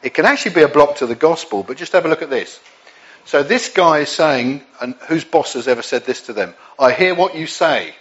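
A man's voice: on the high side, animated, a little fast, a bit bright, highs cut off. An English man preaching a sermon in a conversational way, with frequent restarts and asides. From England.

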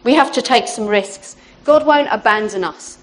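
A woman gives an informal, heartfelt sermon to her church. Her voice sits a little high, and she talks in a conversational way, often saying "you know" and restarting her sentences. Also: moderate pace. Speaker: church speaker.

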